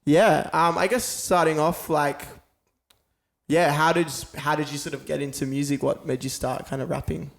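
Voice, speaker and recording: Gravelly-voiced male podcast host. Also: on the high side, steady tone, normal speed. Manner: friendly questioning with fillers. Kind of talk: casual interview chat.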